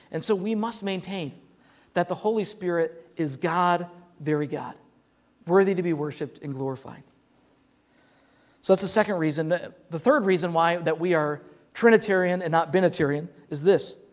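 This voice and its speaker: A young man preaching a sermon as pastor, earnest and repeating words as he explains. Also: high voice.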